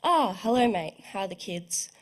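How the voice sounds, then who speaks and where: A chatty small-town shopkeeper, quick with a joke and easy greetings, as a young woman reads him out. The voice stays at a middling height, lifting a little brighter for his friendly lines. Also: medium pitch, animated, close to an everyday voice. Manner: chatty, cheerful, joking.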